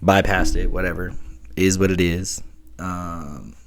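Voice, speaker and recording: A young man hosting his own vlog, chatting in a loose, slangy, frank way. His voice sits on the low side. He keeps coming back to easygoing shrugs. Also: fairly even intonation, measured pace, noisy background. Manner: laid-back, frank, slangy, repeats "it is what it is". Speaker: vlogger host. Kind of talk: casual chat.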